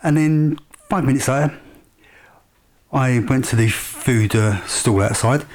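A man tells a long story in a casual, excited way. He wanders off track and fills the gaps with ums and uhs. His voice sits at an ordinary middle pitch. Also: measured pace. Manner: chatty, enthusiastic, rambling with fillers. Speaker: vlogger.

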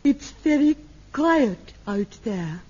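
Earnest melodrama heroine, slow and mannered, high mellow voice, dull old TV sound. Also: female voice, lively intonation, breathy edge, full character voice. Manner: slow, mannered line reading. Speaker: amateur actress reading a scene.

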